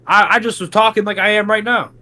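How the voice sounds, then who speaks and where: Man, podcast co-host, bright tense tone, fairly high voice, blunt casual chat. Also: fairly even intonation, fast. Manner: blunt, swears freely.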